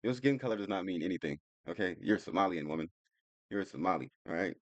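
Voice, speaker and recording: A man's voice: low-pitched, expressive, fast, no room sound, dull audio. A man hosting a reaction commentary, talking bluntly and preaching straight at his viewers. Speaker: commentary host reacting to clips.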